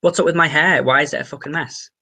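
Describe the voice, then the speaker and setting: A man's voice: on the high side, steady tone, quick pace, pushed and bright. Rambling young man on a livestream. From England. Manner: rambling, swears casually, many fillers and restarts. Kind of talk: casual livestream chat. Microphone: webcam.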